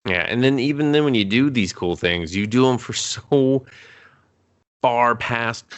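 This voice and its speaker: A man's voice: medium pitch, lively intonation, lo-fi sound. A man co-hosting a casual movie review podcast, joking and swearing freely as he talks. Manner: joking, swears freely, slips into quick mock voices.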